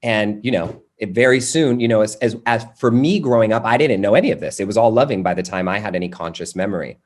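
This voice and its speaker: A man's voice: lowish voice, fast. Man telling a story in a workshop. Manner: conversational, animated, many fillers. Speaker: workshop teacher. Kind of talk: personal storytelling in a workshop talk.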